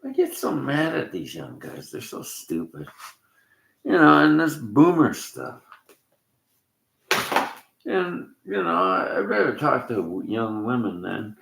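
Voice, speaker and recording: A man's voice: medium pitch, wildly swooping pitch, slow, creaky, pauses often, fairly bright tone, roomy sound. An older Canadian man delivering a blunt, cursing rant, laughing between complaints. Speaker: vlogger. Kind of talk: ranting monologue.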